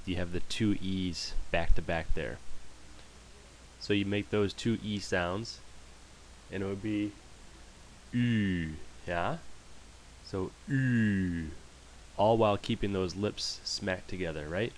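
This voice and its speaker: A man's voice: low voice, slow pace, a little hiss or hum. A man teaching German pronunciation in a screen-share lesson, patiently repeating each word for practice.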